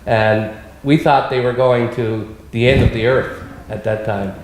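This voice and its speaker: Man in his fifties, reflective remarks, pauses and repeats, medium pitch, very echoey room. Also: fairly even intonation, background noise. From Labrador, Canada. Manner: halting, with fillers and repeated words. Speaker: interviewee.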